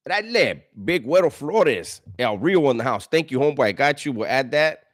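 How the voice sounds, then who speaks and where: A man's voice: mid-range voice, sing-song, normal speed. A man hosting a casual livestream, reading chat messages in a slangy way, laughing often and stumbling over his words.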